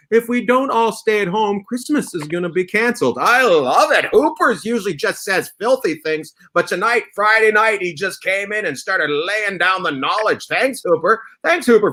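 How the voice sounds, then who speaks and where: A man hosting a comedy game show over a video call, teasing and swearing with excitable energy as he hands out points. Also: sits high. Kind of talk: loud joking banter, giving out points.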